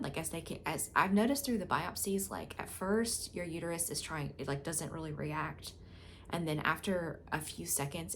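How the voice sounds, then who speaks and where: A woman vlogger speaks straight to her audience in a candid, unguarded way, with many fillers and restarts. Her voice sits on the low side. A faint background noise runs under it. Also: a bit bright. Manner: candid, frank and emotional, with filler words. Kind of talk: casual personal storytelling to camera.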